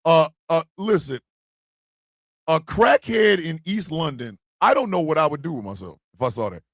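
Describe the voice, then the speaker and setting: A man hosting a stream, ranting and joking loudly with profanity and frequent laughter. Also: a little high, lively intonation, normal speed, no echo, studio quality. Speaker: streaming show host. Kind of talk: casual comedic rant.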